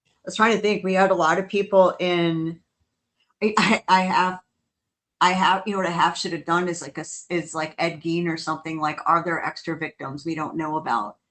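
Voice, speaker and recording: A woman co-hosting a casual podcast, chatty and quick to laugh as she tells stories. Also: on the low side. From New Orleans. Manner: chatty, laughs often, quotes others in lively bursts. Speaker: co-host.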